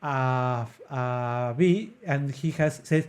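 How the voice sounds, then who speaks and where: Speaking extremely slowly in a mid-range voice, a man hosting an opera podcast gives an earnest explanation of an aria. Hesitant fillers crop up often, and he demonstrates notes by singing phrases.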